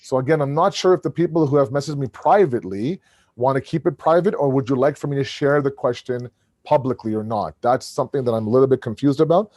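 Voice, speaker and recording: Booming male lecturer on a video call, animated, dry close sound, frequent restarts. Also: quick pace, no echo. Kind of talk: online religious lecture.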